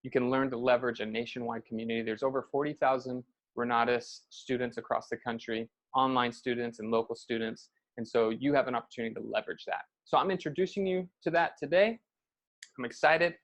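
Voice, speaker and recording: A man's voice: medium pitch, fairly even intonation, fairly quick. A man hosting a recorded session, upbeat and encouraging as he introduces the upcoming training. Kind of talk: promotional introduction.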